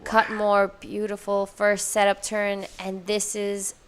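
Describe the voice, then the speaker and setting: A woman's voice: mid-range voice, completely flat delivery, slow, smooth. A woman commentating a surf contest live, breaking down each wave with upbeat, analytical play-by-play.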